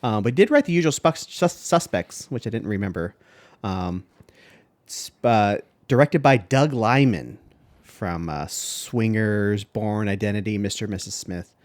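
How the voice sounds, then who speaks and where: Low-voiced man in casual podcast chat. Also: animated, a little slow, no room sound. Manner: rambling, trails off, frequent ums and restarts. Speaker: podcast co-host.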